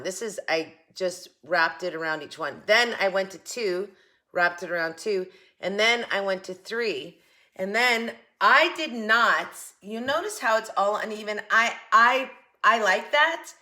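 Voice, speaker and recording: This craft vlog host is a woman whose voice sits in the mid range with a sharp edge. Chatty and excited, she presents her projects show-and-tell style, frequently starting her sentences over.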